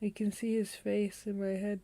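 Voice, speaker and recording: A woman with a warm, mid-range voice chats with viewers at a moderate pace and a level tone while hosting an art livestream from her home studio indoors. Her talk meanders, often trailing away as she searches for names, and there's slight background noise.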